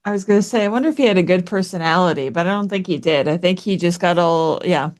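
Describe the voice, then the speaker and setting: Low-voiced woman podcast host. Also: quick pace. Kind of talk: casual podcast chat.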